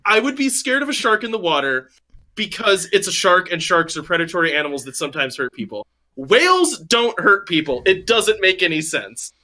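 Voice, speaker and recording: A man from Indiana tells self-deprecating stories as a podcast guest. His voice sits high and bright, and his pitch swings widely as he builds each tale. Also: a little fast. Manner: self-mocking, animated storytelling. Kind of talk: casual storytelling chat.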